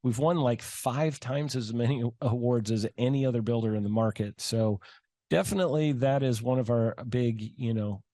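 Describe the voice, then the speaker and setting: A man's voice: mid-range voice, moderate pace, no room sound, studio quality. Rambling middle-aged man. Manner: relaxed, rambling, many fillers. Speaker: guest, home builder. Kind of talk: interview answers.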